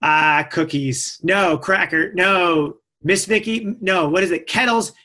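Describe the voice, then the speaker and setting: Guest: man with a bright, forward voice, quick, self-mocking replies. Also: high voice. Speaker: podcast guest, endurance athlete. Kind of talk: casual interview chat.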